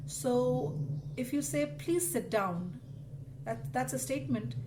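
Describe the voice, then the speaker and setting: A woman's voice: a little high, unhurried, noisy background. A woman teaching a recorded grammar lesson, explaining patiently and reading out example sentences.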